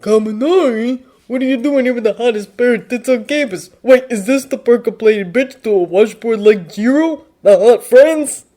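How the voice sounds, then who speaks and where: A woman's voice: on the high side, normal speed, hardly any pauses, warm tone, pitched above the performer's own voice, close to an everyday voice. A woman voicing a crude, lecherous teenage boy who whines and leers, in a fanfiction audiobook reading. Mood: leering. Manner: whining, leering.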